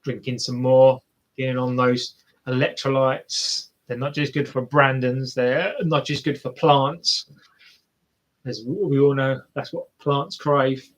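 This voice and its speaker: This marathon watch-along streamer talks slowly in a steady, medium-pitched voice. He keeps things casual and chatty for viewers, teasing himself as he cheers the runners.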